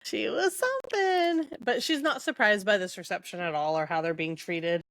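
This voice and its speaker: A woman's voice: lowish voice, animated, fairly quick, fairly bright tone, no echo. A young adult woman co-hosting a podcast, retelling book scenes casually with quoted dialogue and lots of fillers. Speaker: podcast co-host.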